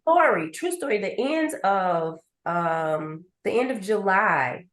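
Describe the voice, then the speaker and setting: Woman host, lively storyteller, recorded in an echoey room. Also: medium pitch, slow pace. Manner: animated storyteller, acts out voices in asides. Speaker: host and grief coach. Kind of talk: conversational podcast talk.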